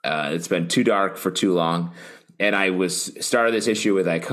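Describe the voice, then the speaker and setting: A man co-hosting a comic book podcast, animated and jokey in casual chat. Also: deep voice, moderate pace. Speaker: podcast co-host.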